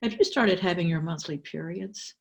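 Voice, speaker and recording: An older woman voicing a kind young pregnant hostess who gently coaxes a child. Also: on the low side, normal speed, natural voice. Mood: soothing. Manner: gentle, coaxing. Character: kindly pregnant young woman host, soothing.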